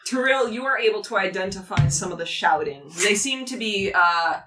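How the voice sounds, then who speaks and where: A woman running a tabletop game as game master, playful and quick to laugh. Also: mid-range voice, animated, bright, forceful tone. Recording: echoey room, far from mic, faint noise.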